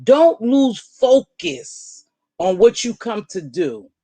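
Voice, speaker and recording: A woman's voice: a little high, big pitch swings, slow, mellow, no room sound. Emphatic woman host, dry close sound. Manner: emphatic, direct, repeats points for stress. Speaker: video host answering viewer comments. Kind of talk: casual livestream talk.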